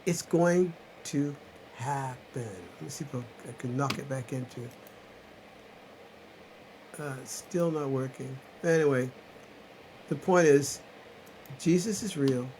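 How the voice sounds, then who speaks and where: A man from South Carolina hosting a live chat at his home computer, rambling and preaching, swinging from loud insistence to muttered asides. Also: mid-range voice, measured pace, pauses often, a little hiss or hum, low-quality recording. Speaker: channel host on a live chat. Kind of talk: rambling preachy livestream talk. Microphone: computer webcam mic.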